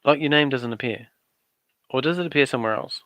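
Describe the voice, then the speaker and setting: A man's voice: medium pitch, fast talker, fairly bright tone, no echo. A middle-aged man with an Australian accent giving playful, teasing commentary on a casual craft livestream. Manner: playful, teasing, dry asides.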